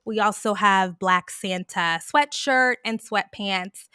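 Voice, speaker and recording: A woman's voice: medium pitch, slow, clean tone, dry recording. Woman, young adult, live stream chat, projecting stage voice, dry close sound. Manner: loud, projecting theater voice, lively and chatty.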